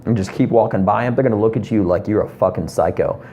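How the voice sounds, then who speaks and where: Low-voiced guy ranting, swears a lot, ums everywhere, some faint background hiss. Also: quick pace, mellow. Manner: rambling, profane, lots of ums. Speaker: comedian vlogger. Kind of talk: profane comedy rant.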